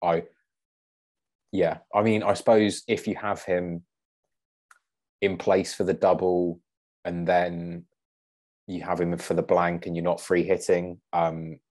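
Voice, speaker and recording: Low-voiced measured podcast guest. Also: male voice, flat delivery, darkish tone. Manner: measured, thinks aloud with fillers. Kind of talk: casual podcast chat.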